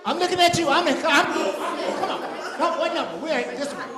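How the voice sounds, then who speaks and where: A playful man with a very high voice leads children through counting and chants. He teases and jokes energetically. His voice rings around a large echoey church hall with a crowd murmuring and faint music behind. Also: normal speed. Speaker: VBS program leader. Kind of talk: leading children's activities.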